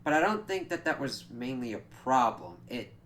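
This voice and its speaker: A man's voice: mid-range voice, big pitch swings, moderate pace, fairly bright tone, slight background noise. A man giving a casual, rambling spoken review of a TV episode, with loose asides and frequent fillers.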